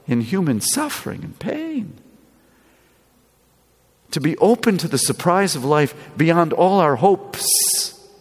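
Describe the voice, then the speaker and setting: Slow-preaching man in a reverberant church. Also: a little high, breathy edge. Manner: slow, lively preaching with playful asides. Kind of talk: sermon. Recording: echoey church with long reverb.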